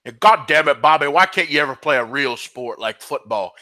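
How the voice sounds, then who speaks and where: A man putting on a gruff, exasperated cartoon dad with a drawl. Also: on the high side, animated, fairly quick, pushed and bright. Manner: barking, exasperated.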